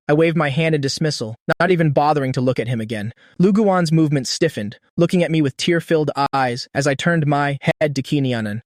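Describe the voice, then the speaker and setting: A man narrates a story in a steady, even read. His voice is somewhat high for a man. The recording is dry and close, with no room echo. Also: quick pace. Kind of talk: scripted audiobook narration.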